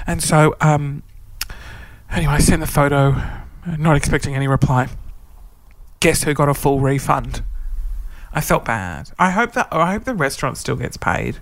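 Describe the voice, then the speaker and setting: A man's voice: on the high side, expressive, moderate pace. A man telling a story in casual chat, dramatic and sweary, acting out his own angry rants.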